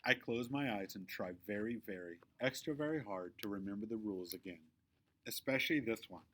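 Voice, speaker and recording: A man reading a children's chapter book aloud, with expressive storytelling in a middle pitch. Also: a little fast. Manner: expressive storytelling, dropping low for narration tags. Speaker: reader.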